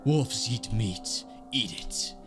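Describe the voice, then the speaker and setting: A menacing male villain from a cute-turned-dark game, as a man puts him on. He speaks slowly and cold, dropping his voice into a deep, lively growl. Game music plays behind him. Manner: slow, low and threatening.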